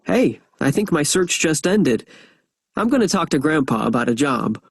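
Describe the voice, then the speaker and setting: A man's voice: a little high, sing-song, moderate pace, creaky, husky, dry recording, studio quality, heavily acted. A young man playing an upbeat, earnest nephew who just graduated, in a textbook audio dialogue. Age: young adult.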